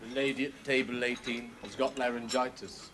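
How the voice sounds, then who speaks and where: A man's voice: medium pitch, level tone, a little fast, noisy background, lightly acted. A man playing a stiff, formal head waiter in a 1970s TV sketch, speaking in a polite, deferential way.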